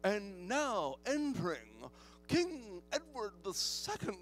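A man voicing a royal herald, proclaiming in a slow, drawn-out, booming way. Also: wildly swooping pitch, a bit bright, slight background noise, exaggerated voice. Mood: pompous. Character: grand royal herald announcing a king.

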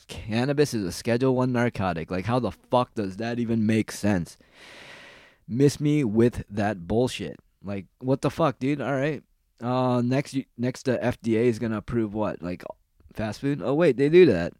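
A man's voice: medium pitch, moderate pace, mellow, no room sound, clean studio sound. A man ranting casually in a sarcastic, profane and rambling way, jumping from one complaint to the next.

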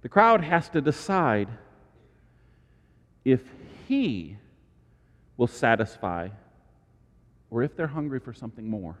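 A man preaching a sermon as pastor, animated, with dramatic asides and sudden high exclamations. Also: takes it slowly, pauses often, big-room sound.

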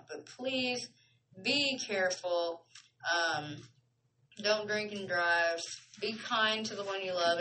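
A woman's voice: mid-range voice, pushed and bright, recorded from a distance, slight background noise, rough recording. Chatty woman podcast host. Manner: chatty, playful, slangy. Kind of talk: casual chat.

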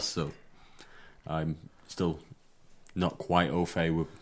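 A man with a very deep voice guests on a podcast. His remarks are dry and wry. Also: level tone, unhurried. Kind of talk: casual podcast chat.

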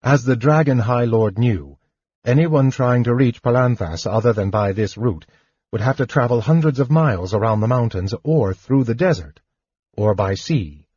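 A man reading an audiobook in steady scripted narration, on a muffled lo-fi recording. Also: mid-range voice, moderate pace, husky, no room sound.

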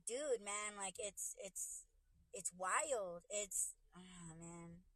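A woman's voice: mid-range voice, extremely slow, fairly bright tone, no room sound. A woman podcast host ranting casually on a livestream, speaking into a phone from her car. She talks bluntly and profanely, and she often restarts her sentences as she works herself up.

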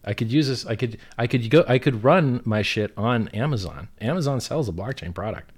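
A man's voice: mid-range voice, animated, a little fast, breathy edge. A man in casual podcast chat about crypto, blunt and emphatic, swearing freely.

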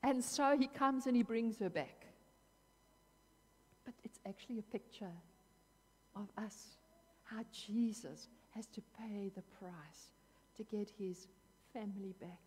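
A woman's voice: medium pitch, slow, long pauses, mellow, long reverb tail, slight background noise. A woman preaching a sermon in an earnest, emphatic way, repeating phrases for weight.

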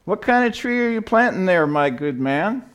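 A man's voice: high-pitched, expressive, normal speed, fairly bright tone, clear, resonant tone, pitched above the performer's own voice. A man voicing an astonished nobleman who exclaims in disbelief while reading a story aloud. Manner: exclaiming, incredulous, raised voice. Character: astonished rich nobleman on horseback, adult man.

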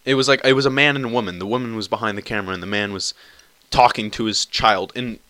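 A young man rambles through a solo podcast, swearing freely and restarting his sentences often. His voice is bright and a little sharp. He records close and dry on a cheap computer mic. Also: lowish voice, fast talker, no echo. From Canada. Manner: rambling, crude and profane, many restarts. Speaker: podcast host. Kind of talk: casual solo podcast monologue.

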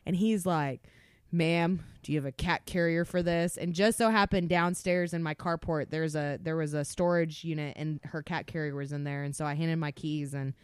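A young woman on a podcast telling a story in an animated way, swearing constantly. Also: sits low, normal speed, clean tone, dry recording. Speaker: podcast co-host. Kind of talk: casual storytelling.

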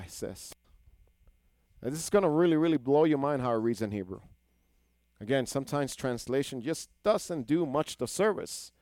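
A man's voice: mid-range voice, a little mellow, no room sound. A man teaching a scripture lesson who explains Hebrew words and keeps asking his listeners questions. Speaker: Torah teacher.

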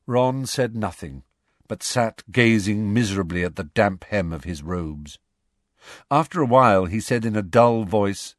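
A man reading a children's fantasy novel aloud in a measured, expressive storybook narration. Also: deep voice, dry recording, studio quality. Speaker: audiobook reader.

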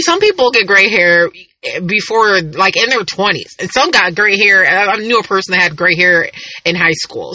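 A woman's voice: mid-range voice, sharp tone, no echo, rough recording. A woman in her thirties, hosting a casual podcast monologue and telling rambling, chatty stories with frequent laughs. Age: 30s. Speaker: podcast host.

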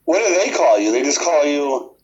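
A man co-hosting a casual podcast, teasing and quick-witted as he plays along with a quiz. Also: fairly high pitch, expressive, a little mellow, highs cut off. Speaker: podcast co-host and quiz contestant.

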